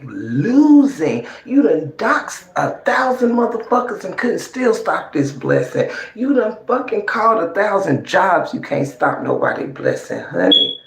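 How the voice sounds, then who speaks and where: Gloating over opponents, this online commentator keeps up a taunting, swearing, mocking livestream rant. The mid-range voice sounds gravelly and a bit bright, and the recording echoes roomily.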